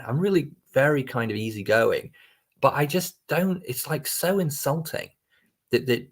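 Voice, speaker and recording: A man's voice: medium pitch, slightly rough. A man as a podcast guest, telling a story in casual chat, rambling with many restarts and frequent swearing.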